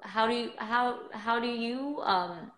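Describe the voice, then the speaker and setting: Young woman, phone livestream host, chatty and bubbly, slightly high and bright, in a roomy echo. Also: slow. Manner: bubbly, chatty, lots of filler words. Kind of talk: casual chat.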